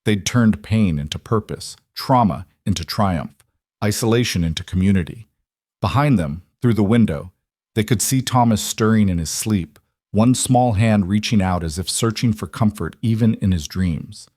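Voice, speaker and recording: A man reading a scripted story in an even, measured way. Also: fairly low pitch, no echo, clean studio sound. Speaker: narrator. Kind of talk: scripted narration.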